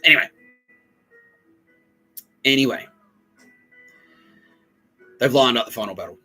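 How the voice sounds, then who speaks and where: A man hosting a comedy podcast, rambling and profane as he retells scenes and acts them out in quick voices. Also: mid-range voice, sharp tone, slightly rough, faint music behind, low-quality recording. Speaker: podcast host. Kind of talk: comedic monologue.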